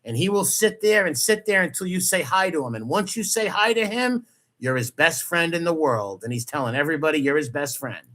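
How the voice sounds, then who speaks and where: A man's voice: fairly high pitch, expressive, brisk, pushed and bright. A man giving angry reaction commentary, mocking and profane as he picks apart a clip.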